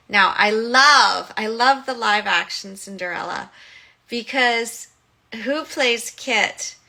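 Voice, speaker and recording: A woman's voice: a little high, bright, forceful tone. A woman hosting a solo podcast, casually retelling a film and acting out its quoted lines. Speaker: podcast host and motherhood coach.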